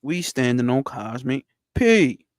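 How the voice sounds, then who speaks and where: A man teaching spirituality. He reads a text aloud slowly and breaks off into blunt, slangy asides with profanity for a live chat. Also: mid-range voice, very animated, no room sound, studio quality. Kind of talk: reading a text aloud and commenting on it.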